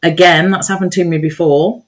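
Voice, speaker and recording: A woman's voice: lowish voice, fairly even intonation, normal speed. A woman with a Nottingham accent co-hosting a podcast, chatty and playful, poking fun at herself. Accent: Nottingham English. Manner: chatty, self-mocking, playful. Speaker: podcast co-host. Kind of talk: casual chat.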